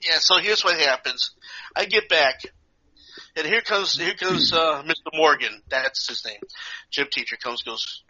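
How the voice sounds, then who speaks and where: A man, a podcast co-host, telling a lively story in casual chat, acting out the people in it, in a dull lo-fi recording. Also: on the high side, a little slow. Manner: animated, acts out voices.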